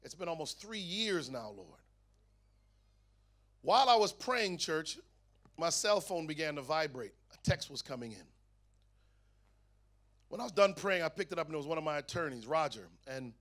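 A man giving his testimony at a youth camp meeting, telling the story in a lively way and acting out the dialogue. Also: on the high side, fairly quick. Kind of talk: testimony sermon to a youth audience.

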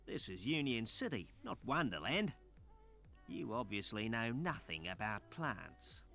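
A man's voice: medium pitch, very animated, measured pace, vocal fry, pushed and bright, faint music behind, full character voice. An actor with an Australian accent playing a sarcastic, snooty male city gardener in an adventure game. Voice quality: sardonic, dismissive. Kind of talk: 1990s adventure game voice acting.

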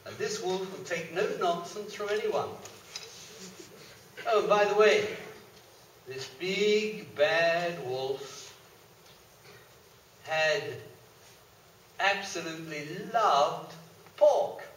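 Slow, playful man reading a children's story. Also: sits high, fairly bright tone, a little hiss or hum. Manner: playful, with joking asides. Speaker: storyteller at a variety show. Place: stage in a hall. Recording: echoey hall from far off.

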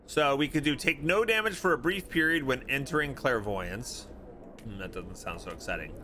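A man's voice: medium pitch, expressive, moderate pace, sharp tone, slight background noise. A man streaming a video game, chatting and reading game text aloud, with game music behind. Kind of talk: let's play commentary.

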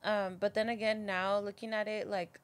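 A woman's voice: mid-range voice, level tone, normal speed. A young woman co-hosting a podcast, talking earnestly in casual chat and giving advice from her own experience. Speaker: podcast host.

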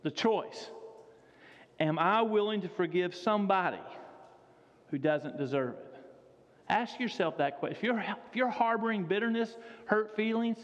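Emphatic high-voiced male preacher. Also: moderate pace. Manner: emphatic, repeats key phrases. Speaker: pastor. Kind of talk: sermon. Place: church sanctuary. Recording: dull sound with long hall reverb.

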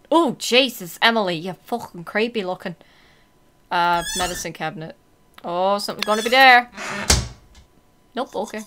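A woman playing a horror game and commenting out loud, reading the text, swearing and reacting to scares. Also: mid-range voice. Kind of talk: let's-play commentary.

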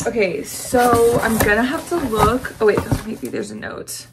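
A woman's voice: mid-range voice, a little slow, creaky, heavy background noise. A young woman with a Southern US accent, gushing and gasping through an unboxing vlog. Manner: gushing, gasping, breathless excitement. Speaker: vlogger.

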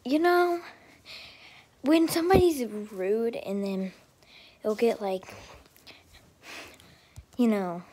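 A woman talking to camera in a rambling, profane vlog rant, swinging between loud outbursts and half-whispered asides. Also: fairly high pitch, slow pace, pauses often, breathy edge. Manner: profane and ranting. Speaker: vlogger.

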